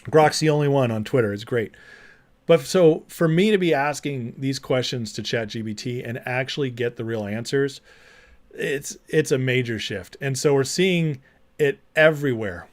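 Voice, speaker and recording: A man hosting a livestream chats casually in a mid-range voice at normal speed, reading chat, mocking clips, and laughing often.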